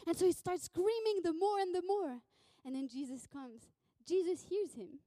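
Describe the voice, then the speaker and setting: A woman preaching a sermon, telling a story in an animated way, acting out voices and often laughing. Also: very high voice, normal speed, no echo.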